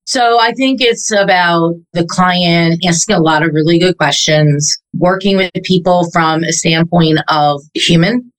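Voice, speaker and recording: A woman real estate agent talking as an interview guest, animated and quick to rattle off lists of questions. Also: lowish voice, low-quality recording. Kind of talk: casual interview talk.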